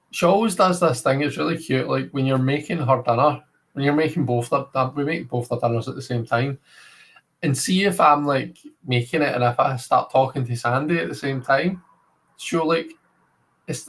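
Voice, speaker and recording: A man's voice: on the high side, gravelly, slightly rough, poor audio. Chatty Scottish man streaming live. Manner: rambling, chatty, many filler words. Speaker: livestream host. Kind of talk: casual livestream chat.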